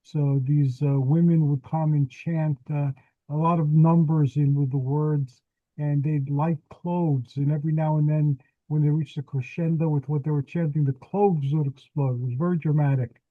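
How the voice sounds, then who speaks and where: A man hosting an interview, telling stories slowly with frequent pauses, heard over a tinny phone line. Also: on the high side, steady tone, no echo. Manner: unhurried storyteller with frequent "uh" pauses. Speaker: host. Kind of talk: interview conversation.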